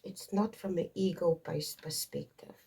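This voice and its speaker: Tarot reader, woman, low warm voice, digressive and emphatic. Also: fairly even intonation, measured pace, creaky, slight background noise. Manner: digressive, emphatic, stops to stress points. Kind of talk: casual spoken astrology reading.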